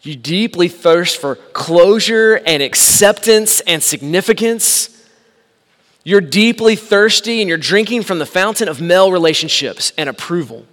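A man preaches in a relaxed, conversational way, one moment driving a point home with force, the next dropping to a quiet aside. His voice sits a little higher than most men's. A long reverb trails every phrase, as in a large church sanctuary. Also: unhurried. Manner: conversational preaching that swings between loud emphasis and quiet asides. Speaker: pastor. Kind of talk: sermon. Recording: long echo of a large hall.

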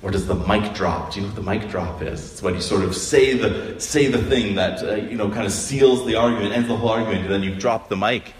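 Pastor delivering a chatty sermon, recorded from a distance in a reverberant hall with faint ambient noise. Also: male voice, on the low side, fairly quick, hardly any pauses. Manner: conversational, animated storytelling with acted quotes.

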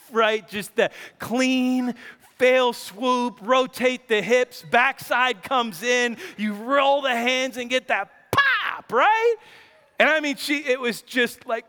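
A man in his thirties, a pastor preaching a sermon with storytelling, animated, laughing often, his voice jumping high when excited. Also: clear, resonant tone. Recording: long hall reverb.

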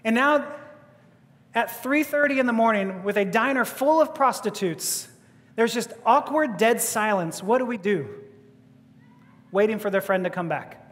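A man with a high voice tells a story in a sermon, acting out each person's lines and stumbling into restarts. The sound carries the long reverb of a large hall. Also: a little slow. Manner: animated, acting out quotes, stammering restarts. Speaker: preacher.

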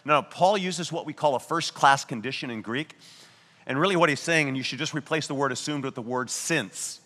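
A man preaching a sermon as pastor, telling a story and slowing down to stress key words. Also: medium pitch, pushed and bright, long reverb tail. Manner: earnest storytelling preaching, slows down for emphasis.

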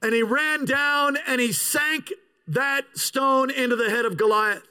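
Recorded in low quality, this very high-pitched sermon comes from a U.S. pastor in his fifties whose tone is clear and resonant. He preaches animatedly, breaking into shouts at times and slowing sharply to stress points.

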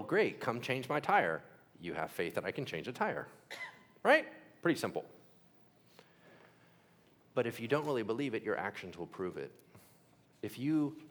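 Male pastor, sermon, low-pitched, animated, jokey, acts out voices.

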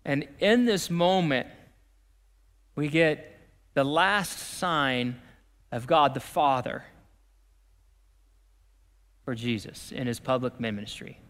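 A man preaching a sermon as pastor, talking in a conversational way that swings from lively to hushed. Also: medium pitch, slow pace, pauses often. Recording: long reverb of a church hall.

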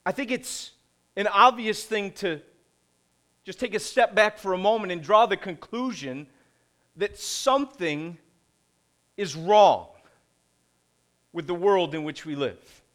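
A middle-aged man preaching a conversational sermon, posing rhetorical questions and pausing deliberately. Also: high-pitched, lively intonation, fairly bright tone. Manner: slow, deliberate delivery with pauses. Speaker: pastor.

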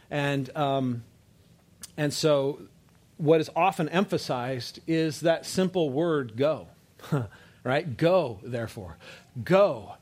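A man preaching a sermon to a congregation, conversational and emphatic, dropping low and soft on key words and checking that listeners follow. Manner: conversational, builds to emphatic rises, asks audience to follow; frequent fillers and restarts, drops low and soft on key words.

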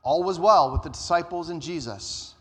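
Man, pastor, sermon, earnest, high voice, long hall reverb. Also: a bit bright. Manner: earnest, rises in pitch and slows down for emphasis.

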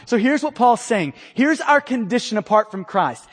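High-voiced preacher man in a reverberant hall. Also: animated, moderate pace, hardly any pauses, slightly rough. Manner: earnest teaching, acts out quoted voices. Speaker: pastor. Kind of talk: sermon.

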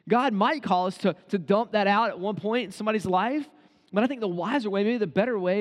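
Male pastor, high voice, conversational sermon in a church with long reverb. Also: brisk. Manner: conversational preaching, acts out quoted inner voices.

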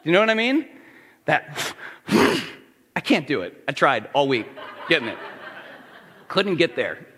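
A man with a high voice preaches a sermon to his congregation. His delivery swings from quiet scripture reading to near-shouted emphasis, and a long reverb of a large hall trails every phrase. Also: huge pitch swings, slow, pauses often, slightly rough. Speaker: pastor.

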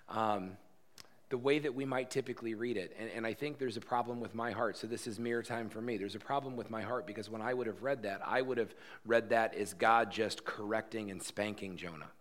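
Preaching in church, this pastor speaks on the low side and keeps circling back to his main phrases with real earnestness. His delivery gets louder and more animated whenever he trades jokes with the congregation.

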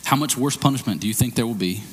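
A man preaching a sermon as pastor, explaining a scripture passage and acting out bits of dialogue in a raised, excited voice. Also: mid-range voice, fast talker, a little hiss or hum. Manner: animated, acts out dialogue in raised voice.

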